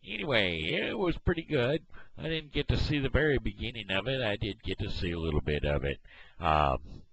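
A man from Missouri talking casually to camera on his video blog, halting often with fillers and restarts, recorded on a headset microphone at home. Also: on the low side, very animated, a bit bright. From Missouri, USA. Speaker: video blogger. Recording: dull lo-fi headset mic.

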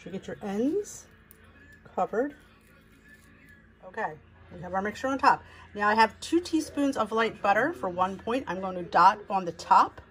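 An American woman hosts a home cooking video, speaking at normal speed in an animated, mid-range, slightly bright voice with long pauses. The recording is low quality as she talks viewers through a recipe in a chatty, rambling way.

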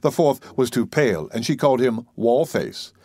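Male narrator, mid-range voice, expressive fairy tale reading, dry studio. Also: mid-range voice, normal speed, breathy edge, dry recording. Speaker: storyteller.

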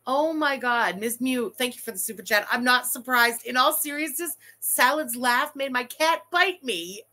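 A woman's voice: sits high, moderate pace, pushed and bright. A woman hosting a commentary stream, reacting to a livestream with blunt, sarcastic, foul-mouthed remarks. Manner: blunt, sarcastic, swears freely. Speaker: commentary channel host.

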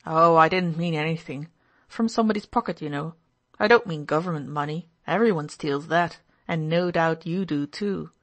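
A woman's voice: sits low, normal speed. A woman reading the part of an impulsive, brooding young man who talks in an expansive, feverish way. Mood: sly. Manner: expansive, feverish, then dreamy.

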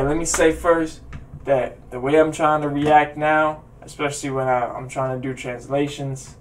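A man's voice: medium pitch, distant mic, a little hiss or hum. A man hosting a music reaction video, talking casually and rambling with hyped energy. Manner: hyped, rambling, talks over the song. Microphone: webcam.

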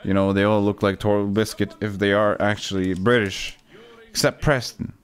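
A man playing a game for a video, joking sarcastically and jumping into sudden loud, high yelps. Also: fairly even intonation, moderate pace, clean tone. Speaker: gaming YouTuber. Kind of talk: let's play commentary.

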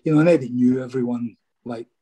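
Middle-aged man, ex-footballer guest, husky and dark, chatty yarn-teller. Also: mid-range voice, steady tone, fast. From Scotland. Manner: chatty, peppers speech with "mate". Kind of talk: casual interview storytelling.

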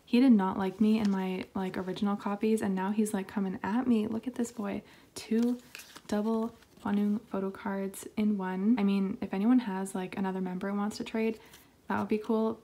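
A young woman chatting casually while unboxing K-pop albums, excitable and talkative, with lots of fillers and little laughs. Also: medium pitch, normal speed. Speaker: K-pop album haul vlogger.

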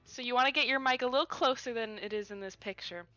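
Bright woman joking on a headset. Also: fairly high pitch, fast talker, no echo, muffled recording. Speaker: improv game player. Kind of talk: improvised comic talk.

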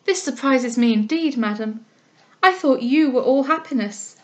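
A woman's voice: high voice, moderate pace, pitched above the performer's own voice, close to an everyday voice. A woman doing an eager, earnest young girl. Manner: eager and heartfelt, speaking up with spirit.

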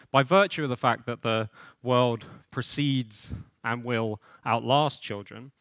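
A man's voice: mid-range voice, a bit bright, no room sound, clean studio sound. A man giving a spoken talk on education, thoughtful and full of fillers and restarts. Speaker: policy speaker.

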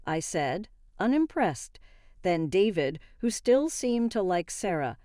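Calm low-voiced woman narrating a story. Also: slow pace, no room sound, studio quality. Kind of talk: scripted first-person story narration.

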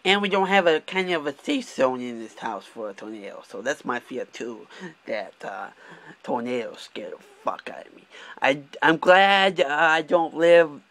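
A man's voice: on the high side, very animated, moderate pace, fairly bright tone, no echo. A young man from Michigan talking candidly in a casual vlog, swearing often and restarting his sentences as he drives. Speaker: vlogger. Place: car, driving.

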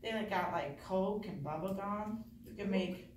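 A woman teaching a hands-on dental class, chatty and encouraging with quick asides. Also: medium pitch, background noise. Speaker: dental assisting instructor. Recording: echoey room, voice from far off.

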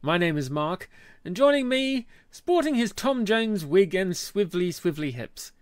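A man hosts a relaxed beer-tasting podcast, bantering and laughing along as he goes. His voice sits a touch high, and the sound is dry and close with no room around it. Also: moderate pace, dry recording. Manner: jokey and teasing, laughs often. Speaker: podcast host. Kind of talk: casual chat.

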